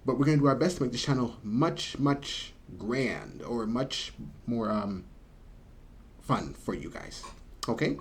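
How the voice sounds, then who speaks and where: A man hosting a casual video lesson, slowly drawing out words as he demonstrates them. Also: mid-range voice, expressive, slightly rough. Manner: slow, drawn-out demonstration of words. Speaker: language teacher and channel host. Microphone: camera mic.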